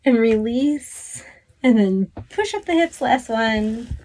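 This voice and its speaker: A woman instructor gently guiding a stretching class, talking close to the camera from a small closet. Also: a little high, slow. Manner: calm, encouraging cues with fillers. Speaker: fitness instructor.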